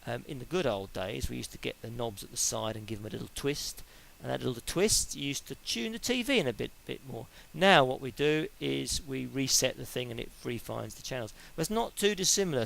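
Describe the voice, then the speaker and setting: A man's voice: mid-range voice, vocal fry, a bit bright, poor audio. A middle-aged man giving an informal lecture on sport psychology, chatty and explaining step by step with everyday examples.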